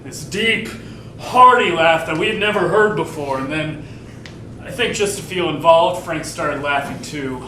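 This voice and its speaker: In a lightly acted stage monologue, a performer embodies a resentful, profane man who spills a meandering, sarcastic family tale to a live theater crowd. The sound is distant and echoey with a rumble underneath.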